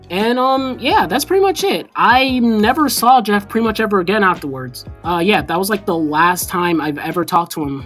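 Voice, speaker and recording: A young woman vlogger telling a story time in casual slang, animated and chatty. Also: medium pitch, normal speed, few pauses, faint music behind.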